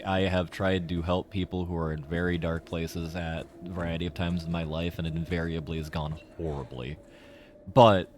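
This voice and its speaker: A man's voice: deep voice, fairly bright tone, slight background noise. A young man streaming a game, rambling through casual commentary with profanity and tangents.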